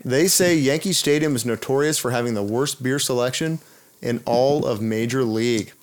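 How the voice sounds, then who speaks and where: A man's voice: medium pitch, normal speed. A man co-hosting a casual podcast, laid-back and rambling. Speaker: podcast co-host.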